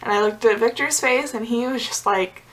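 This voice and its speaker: A young adult woman vlogs casually, telling a story straight to camera in a relaxed, chatty way. Her voice is a little high, and she packs her talk with "like" fillers and quick, giggly asides. The recording is low quality.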